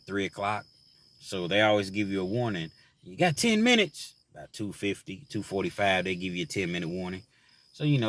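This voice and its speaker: His voice sits low with a bit of brightness. He recounts his time in prison in an earnest, reflective way, heavy on "you know" fillers, before moving on to advice for young men.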